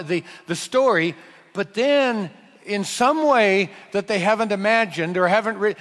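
A man preaching a sermon in an animated, emphatic way, slowing down to stress key phrases. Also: high voice. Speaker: pastor. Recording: reverberant hall.

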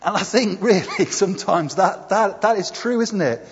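A man's voice: high-pitched, moderate pace, breathy edge. A man giving a conversational sermon with slides, often asking his listeners tag questions. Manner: conversational, asks the congregation tag questions, hesitant fillers. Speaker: preacher. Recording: dull, echoey hall recording.

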